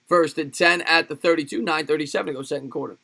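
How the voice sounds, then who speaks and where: A man hosting a live stream, calling a football game play by play in short, punchy bursts that build in excitement. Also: on the high side, fast, creaky. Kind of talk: amateur play-by-play commentary.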